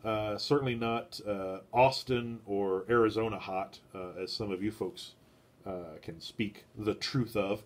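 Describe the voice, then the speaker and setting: A man hosting a casual live stream from his garage shed. He rambles, fills pauses with "uh", chats with viewers, and has a stuffy nose. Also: lowish voice, fairly even intonation. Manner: meandering, heavy on "uh" fillers, chats with viewers.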